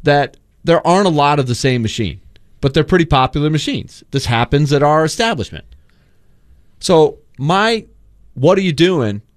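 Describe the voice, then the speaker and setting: Animated sports radio co-host, rambling. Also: male voice, a little high, normal speed, no room sound, studio quality. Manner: rambling, animated, full of fillers. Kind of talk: casual radio talk.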